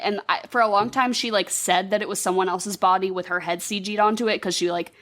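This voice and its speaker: A young woman co-hosting a podcast in casual chat. She talks in an animated way, swears freely and slips into quoted voices. Her voice sits at a middle pitch. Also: fast talker, few pauses. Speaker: podcast co-host.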